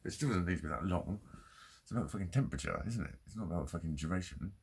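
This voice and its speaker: A man's voice: deep voice, lively intonation, fast, vocal fry, breathy edge. A man delivering a candid, ranting vlog monologue full of swearing. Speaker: vlogger. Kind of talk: confessional monologue.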